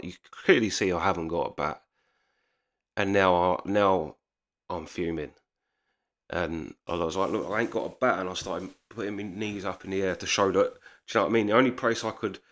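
A man's voice: low-pitched, fairly bright tone. A man telling a heated personal story in casual speech, swearing often and acting out the dialogue. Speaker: storyteller vlogger.

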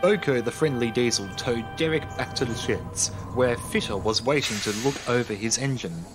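Narrator: a man in a calm storybook reading, music playing behind. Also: medium pitch, moderate pace. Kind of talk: scripted narration.

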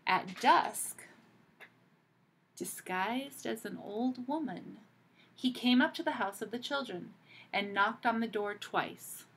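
A woman teacher reading a picture book aloud to children, pausing gently to ask them questions. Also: on the high side, lively intonation, background noise.

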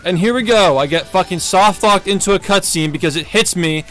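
Streamer rant: man, high voice, furious, constant swearing, repeats every complaint. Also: a little fast, few pauses, fairly bright tone, soft background music. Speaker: speedrunner streamer. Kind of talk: angry rant while live-streaming a game.

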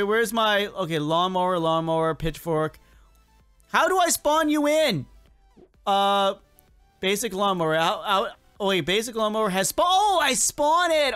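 Excitable chatty gaming commentator. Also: smooth. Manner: excitable and chatty, talks to game characters; jokey, laughs often, swings pitch up and down. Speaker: gaming video creator. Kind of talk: casual gameplay commentary.

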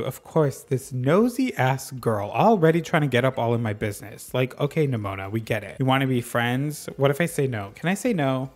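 A man hosting a let's play, reacting to the game in a sassy, excitable way and swearing freely into a desk microphone. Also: mid-range voice, normal speed, few pauses, faint music behind. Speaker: gaming channel host.

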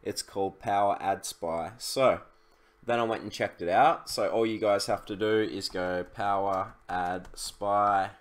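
In a relaxed screen-share tutorial, a young e-commerce YouTuber walks through an online tool in a slightly low voice, rambling chattily, often pausing on "um" and restarting sentences. It sounds like he's speaking into a desktop mic at his computer.

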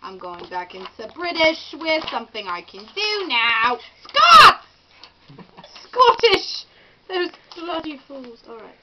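A woman's voice: high-pitched, big pitch swings, takes it slowly, lo-fi sound, heavy background noise. A tipsy woman casually reading lines aloud among friends, giggly and unsure, stumbling over her words. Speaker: friend trying out accents. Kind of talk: casual home video, reading lines in accents.

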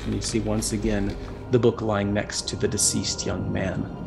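A man's voice: on the low side, flat delivery, normal speed, gravelly. A man narrating a tabletop role-playing game as dungeon master, describing scenes and calling for checks. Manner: descriptive storytelling with character asides. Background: faint background music.

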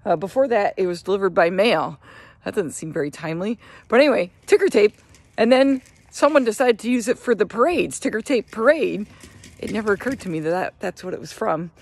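A woman's voice: mid-range voice, animated, brisk, no echo. Chatty woman in a dry room. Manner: chatty, laughs often, rambling asides. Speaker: vlogger. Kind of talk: casual morning chat to camera.

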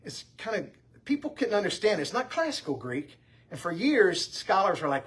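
Husky man, Bible class teacher, chatty anecdotal delivery. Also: high voice, moderate pace. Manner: conversational, anecdotal, lively delivery. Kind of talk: informal church class teaching. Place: church classroom.

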